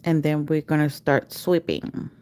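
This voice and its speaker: A woman's voice: sits low, level tone, a little slow, mellow, clean tone. A woman teaching a live nail art class, giving patient step-by-step instructions and chanting repeated cue words as she works. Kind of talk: livestream tutorial.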